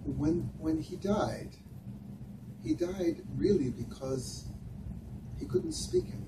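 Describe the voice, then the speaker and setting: A man giving an earnest, reflective talk with personal stories to volunteers, speaking unhurriedly with frequent pauses. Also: on the high side, wildly swooping pitch. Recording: echoey room, heard from a distance, noisy.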